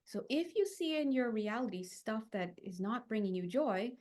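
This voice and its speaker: Young woman, spiritual teacher, chatty and animated, slightly high voice. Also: normal speed. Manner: animated, chatty, many fillers and restarts. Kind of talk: channeled spiritual talk.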